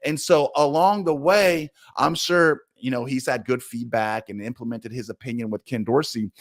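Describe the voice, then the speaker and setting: A man's voice: mid-range voice, moderate pace, dry recording. A man giving emphatic, opinionated sports commentary straight to his audience, talking bluntly and with plenty of energy.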